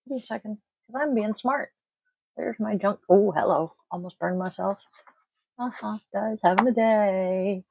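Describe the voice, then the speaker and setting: A woman's voice: medium pitch, moderate pace, creaky, warm tone, husky, no echo, dull audio. A woman hosting a daily tarot and oracle card reading, talking casually with blunt swearing and rambling asides. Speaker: tarot reader and host. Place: home, family audible off-mic.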